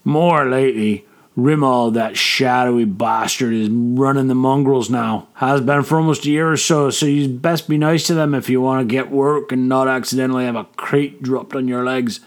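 A man voicing a blunt, wiry male sailor who talks in rough dockside slang. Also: mid-range voice, fairly even intonation, moderate pace, natural voice.

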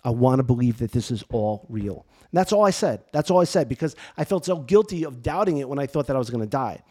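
Animated priest telling his story. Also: medium pitch, quick pace. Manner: animated storyteller with frequent restarts and "like" fillers. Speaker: priest and podcast host. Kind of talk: personal testimony in casual talk. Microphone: camera and mic for video podcast.

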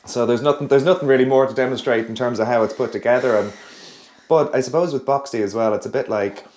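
A man's voice: mid-range voice, fast talker, darkish tone. A young man, a restaurant chef chatting enthusiastically about his food, with plenty of fillers. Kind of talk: casual cooking chat. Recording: echoey room.

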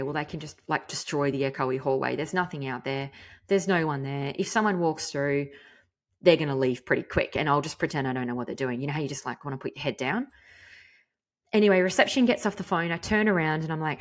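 Brief: mother, frank storyteller, low, deep voice, mild swearing. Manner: chatty, frank, animated, swears mildly. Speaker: podcast host. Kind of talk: casual storytelling monologue.

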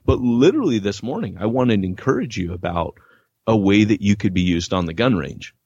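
A man co-hosting a podcast about church planting, chatting casually and telling animated stories, acting out quoted lines. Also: fairly quick, breathy edge, no echo. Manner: animated storyteller, acts out quotes with big pitch jumps. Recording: dull lo-fi dry podcast audio.

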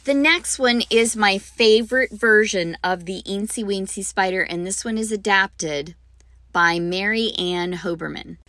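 A woman's voice: mid-range voice, measured pace, pushed and bright, dry recording. Bubbly woman music teacher, dry close mic. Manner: bubbly, gushing, lots of ums. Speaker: podcast host, music teacher. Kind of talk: enthusiastic teaching talk.

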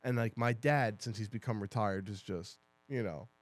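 A man co-hosting a podcast, chatting casually, telling an animated story with lots of swearing and impressions of others. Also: fairly low pitch, normal speed, no echo. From New Jersey. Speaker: podcast co-host. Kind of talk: casual chat. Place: podcast studio.

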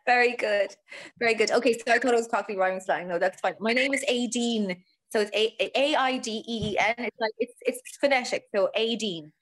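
A woman's voice: a little high, fast, fairly bright tone. An Irish woman, a comedian and podcast guest, telling stories in a chatty, self-deprecating way. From Ireland. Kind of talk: casual interview chat.

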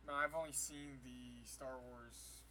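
A man's voice: medium pitch, steady tone, measured pace, background noise. A man co-hosting a podcast, chatting casually with short reactions and free swearing. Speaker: podcast co-host. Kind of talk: casual chat.

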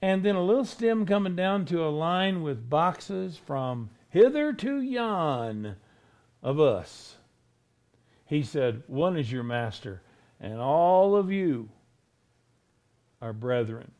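A man preaching a sermon, emphatic, asking rhetorical questions and slowing down hard on key words. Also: a little high, big pitch swings, a little mellow. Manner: emphatic, rhetorical questions, drawn-out slow stresses.

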